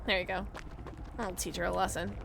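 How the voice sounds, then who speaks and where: A woman streaming a video game who chats casually with her viewers, giggly, loud and excitable, and high on edibles. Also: a little fast, vocal fry, a little hiss or hum. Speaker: streamer and voice actor. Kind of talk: casual game livestream chat.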